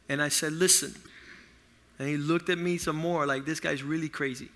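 A middle-aged man preaching a sermon through personal stories, acting out quotes with loud outbursts and hushed asides. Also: on the high side, steady tone, moderate pace. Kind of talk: sermon storytelling.

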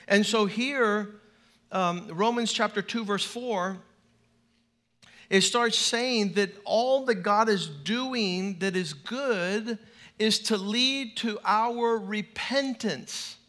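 A man preaching a lively sermon in a church to a large congregation, animated and playful, leading call-and-response. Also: high voice, slow.

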